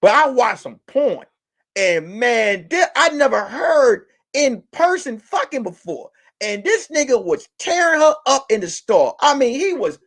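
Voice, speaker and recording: A man doing stand-up comedy, telling a profane, rambling story with sudden loud outbursts. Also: very high voice, very animated, measured pace.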